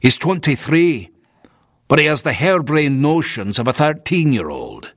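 A man's voice: fairly high pitch, big pitch swings, moderate pace, dry recording, clean studio sound. A man voicing a nervous, disapproving Scottish minister who complains in a stiff, scornful way.

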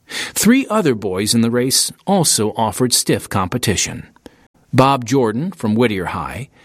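A man reading an audiobook in steady, scripted narration into a close studio mic. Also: medium pitch, breathy edge, no echo. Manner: steady storytelling, lively intonation.

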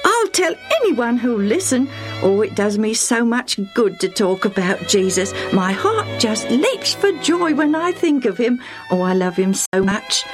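A woman voicing Lucius, an eager, warmhearted young man who talks gushingly about his feelings. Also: mid-range voice, lively intonation, unhurried, faint music behind, pitched above the performer's own voice, lightly acted. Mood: joyful, earnest.

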